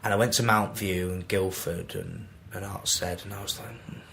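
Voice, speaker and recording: A young Mancunian man in his twenties, a podcast guest, tells casual anecdotes with animation, acting out the quoted dialogue. His voice is low and creaky at a moderate pace, with slight background noise.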